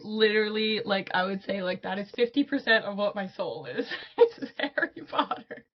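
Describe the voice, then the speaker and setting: A woman's voice: medium pitch, expressive, normal speed, muffled recording. A young woman from Vancouver with a Canadian accent and a slight Southern twang, a giggly, upbeat guest on a casual interview. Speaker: guest artist.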